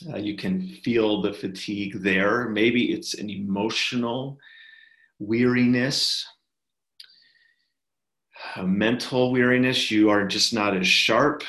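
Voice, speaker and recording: A man giving a sermon as a pastor, talking in a slow, gentle, reflective way with many fillers and pauses. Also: on the low side. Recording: echoey room.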